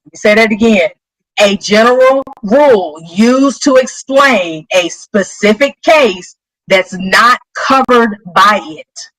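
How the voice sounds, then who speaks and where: A woman giving a live-streamed lecture. She talks casually, checks in often with her audience, and rereads definitions slowly. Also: medium pitch, no echo, rough recording. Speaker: lecturer presenting a livestreamed session.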